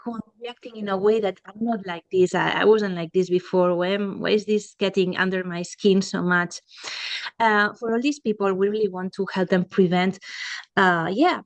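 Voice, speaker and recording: A woman's voice: fairly low pitch, no echo, low-quality recording. A woman presenting a program in an online presentation over a video call, talking casually with frequent "like" fillers.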